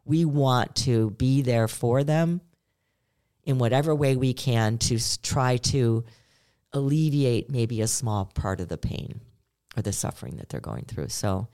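A woman's voice: rumbling low, unhurried. Earnest middle-aged woman podcaster. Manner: earnest, storytelling, animated when quoting. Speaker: podcast co-host. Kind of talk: casual chat.

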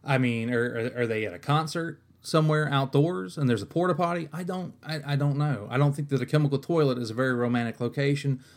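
A man's voice: medium pitch, quick pace, few pauses. A man hosting a podcast, ranting in a comic, exasperated way, swearing often and restarting his sentences. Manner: exasperated, profane, rambling with many restarts. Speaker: podcast host. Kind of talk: comedic rant.

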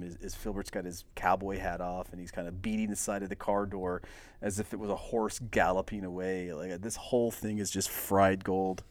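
A man hosting a podcast, casually recapping a movie scene by scene in a relaxed, rambling way, full of filler words. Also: sits low. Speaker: podcast host.

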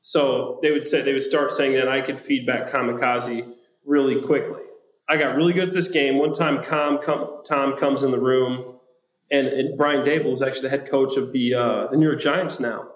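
A man's voice: mid-range voice, normal speed. A man in his thirties, a former football player, telling stories in a casual podcast chat and acting out the people in them. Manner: animated storyteller who acts out quoted people. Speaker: podcast co-host, former football tight end. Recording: echoey room.

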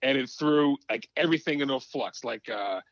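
A man's voice: medium pitch, a little fast, no room sound, highs cut off. A man telling a rambling story in a casual radio chat, with many restarts. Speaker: show regular.

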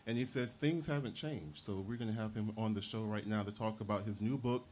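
A man's voice: on the low side, a little fast, darkish tone, slight background noise. A man hosting a talk show, chatting casually and introducing a guest in an easygoing manner. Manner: easygoing, affirming listener.

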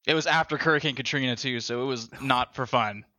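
A man co-hosting a casual podcast over a video call, playful and quick to slip into goofy accent impressions. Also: medium pitch, pushed and bright, no room sound. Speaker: podcast co-host. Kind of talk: casual chat.

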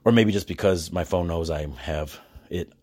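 A man hosting a casual solo podcast from his quiet house at night, talking in a chatty, animated way with frequent restarts and quick laughs. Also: low voice. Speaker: podcast host.

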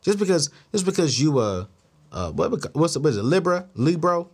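Guy hosting his show, high voice that swings all over, tells stories and acts out both sides, gets preachy. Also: fairly quick, slightly rough. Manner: animated, acts out dialogue, jumps to high incredulous exclamations; preachy, faith-driven talk. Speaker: show host. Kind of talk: casual storytelling to the camera.

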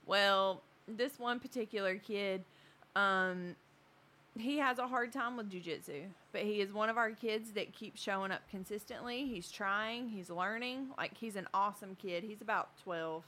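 Bright-voiced woman coach telling a story. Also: medium pitch, normal speed, slight background noise. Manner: chatty, animated retelling with many fillers. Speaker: jiu-jitsu coach. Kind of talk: casual storytelling.

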